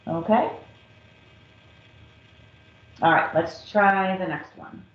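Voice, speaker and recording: A woman math teacher working through a calculus problem step by step, patient and methodical. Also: on the low side. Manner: slow, patient, step-by-step explaining. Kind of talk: recorded calculus lesson. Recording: echoey, dull lo-fi classroom recording.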